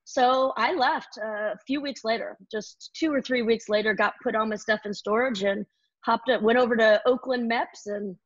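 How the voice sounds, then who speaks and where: A woman with a somewhat high voice tells her stories with energy and slips into the voices of the people she quotes. The sound is dry and close, with a slightly dull, lo-fi tone. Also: moderate pace, no echo. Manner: lively storyteller who acts out dialogue. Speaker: guest, military veteran. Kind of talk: conversational storytelling interview.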